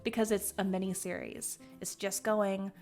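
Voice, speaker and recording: A woman from the Southern United States with a light Southern American accent, hosting a stream as game master in excitable, bubbly casual chat. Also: mid-range voice, normal speed, faint music behind. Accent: light general Southern American. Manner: bubbly, excitable, laughs often.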